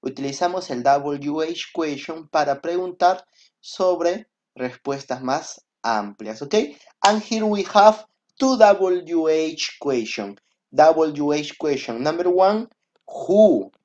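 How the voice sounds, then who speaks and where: A man whose first language is Spanish teaches a grammar lesson, moving his pitch up and down a lot. He talks at an unhurried pace and repeats every point in Spanish. The recording sounds dull and muffled. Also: animated, darkish tone. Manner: explains step by step, asks "ok?" often. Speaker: English teacher.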